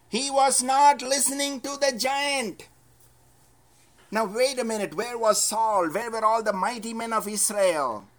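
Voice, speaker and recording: A man preaching a sermon, telling a Bible story in a lively storytelling way, swinging from loud emphasis to soft asides. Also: a little high.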